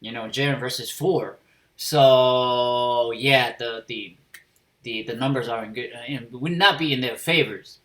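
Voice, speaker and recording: A man giving a casual spoken review of an anime episode, swearing freely and filling pauses with fillers and restarts. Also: medium pitch, fairly bright tone.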